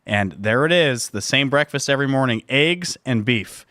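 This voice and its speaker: A man's voice: medium pitch, expressive, normal speed, pushed and bright, dry recording, studio quality. A man, a guest on a podcast panel, talking bluntly and plainly in casual chat.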